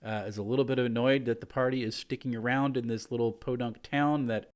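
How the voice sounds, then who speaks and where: A man tells a story from his tabletop game as its game master. His voice sits at an ordinary middle pitch. He keeps a relaxed, chatty manner with casual fillers. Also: fairly quick.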